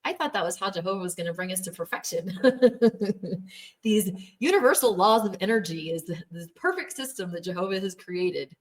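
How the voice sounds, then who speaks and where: Woman in her thirties, candid testimony, lowish voice, slightly off-mic. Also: animated, a little fast, recorded from a distance. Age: 30s. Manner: candid, laughs often, acts out quoted voices. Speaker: former Jehovah's Witness telling her story. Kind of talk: personal testimony.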